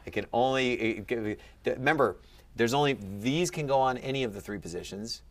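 During a one-on-one lesson, a man with a mid-range voice and fairly quick delivery tutors a student on Ancient Greek accents. He quizzes him patiently and encourages him in a friendly, upbeat way.

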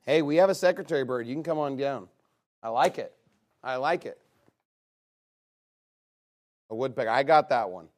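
A man leading a casual game with an audience. He reads a long list aloud and breaks it up with quick, teasing asides. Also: medium pitch, lively intonation, a little mellow. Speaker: game leader reading out his list to players.

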